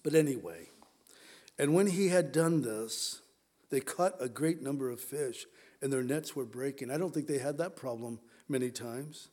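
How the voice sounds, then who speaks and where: A male pastor preaching a sermon in a conversational, animated way, often acting out quotes. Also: mid-range voice, moderate pace.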